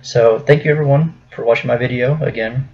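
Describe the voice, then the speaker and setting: A man's voice: mid-range voice, steady tone, fairly quick. A young American man hosting a casual vlog, talking with many ums and restarts. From United States. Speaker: YouTuber host. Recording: dull lo-fi with faint music.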